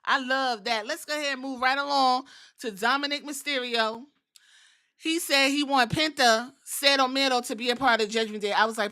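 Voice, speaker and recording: Woman podcast host, high and bright, animated, profane, casual wrestling recap. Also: normal speed.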